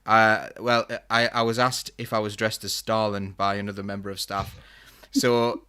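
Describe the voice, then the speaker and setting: A man hosting a live-streamed political panel, chatty and relaxed as he reads out viewer comments. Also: on the low side, unhurried, hardly any pauses, smooth. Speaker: host.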